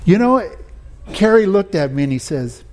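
A man's voice: high-pitched, very animated, normal speed, a little mellow. A man preaching a sermon, telling personal stories in a folksy way with frequent restarts. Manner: folksy storytelling, many "you know"s and restarts.

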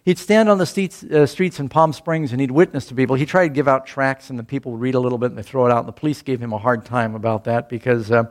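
An older pastor preaches in an easygoing, conversational way, weaving a personal story into his sermon. He talks fast at a moderate pitch with hardly any pauses, growing louder and higher whenever he quotes scripture or other people.

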